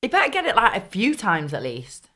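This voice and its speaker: A woman's voice: medium pitch, wildly swooping pitch, a little fast, pushed and bright. A young woman from South Manchester with a Manchester accent that often slips into southern vowels, co-hosting a podcast in chatty, teasing banter. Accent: Manchester, often with southern English vowels. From South Manchester, England. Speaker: podcast co-host. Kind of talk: casual chat.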